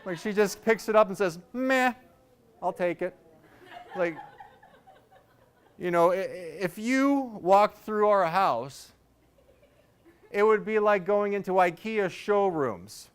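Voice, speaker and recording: A man's voice: high voice, lively intonation, slow pace, long pauses, a little hiss or hum. A man in his thirties doing a stand-up set, telling loose, rambling stories with self-mocking asides. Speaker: stand-up comedian.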